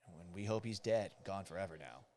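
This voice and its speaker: A man's voice: sits low, expressive, fairly quick, a little mellow. A man hosting a live podcast watch party, reading viewer comments and commenting on the game in a casual, joking way, swearing freely. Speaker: podcast host.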